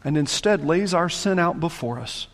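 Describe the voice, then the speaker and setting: A pastor from the American South preaches with a slightly raised pitch, pressing his points through repetition. He often sinks into quiet, low-voiced emphasis. His voice carries a long reverb tail from a large hall. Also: animated, moderate pace. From Southern United States. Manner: emphatic, repeats phrases for force, drops to quiet low tones. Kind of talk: sermon.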